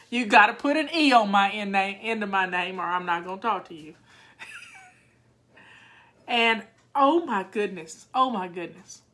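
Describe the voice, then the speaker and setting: A woman's voice: medium pitch, lively intonation, a little slow, long pauses, fairly bright tone. An older woman, chatting casually to her viewers in a folksy, talkative way. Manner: chatty, folksy, talks back to viewer comments. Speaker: home-organizing vlogger. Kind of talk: casual live chat to viewers.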